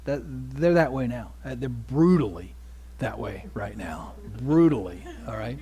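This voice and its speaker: A man preaching a sermon as pastor, dropping to hushed asides and rising to loud emphasis, often asking the congregation questions. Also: mid-range voice, animated, a little slow. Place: church sanctuary.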